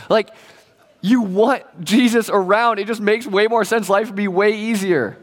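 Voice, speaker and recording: Young male pastor, slightly high voice, conversational and playful, long hall reverb. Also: fairly even intonation, moderate pace. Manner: conversational, joking, acts out quoted voices. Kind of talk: casual sermon to young people.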